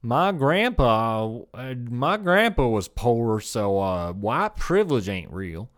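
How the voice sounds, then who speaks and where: A man voicing a dense, boastful man with a put-on Southern US accent, slow and halting. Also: mid-range voice, sing-song. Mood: smug. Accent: Southern US, mocked.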